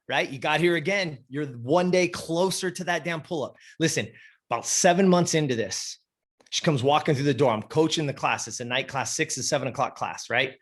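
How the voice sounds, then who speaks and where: A man's voice: on the high side, a little fast. A man, a gym coach, telling a story as a podcast guest, emphatic and fired up, swearing freely.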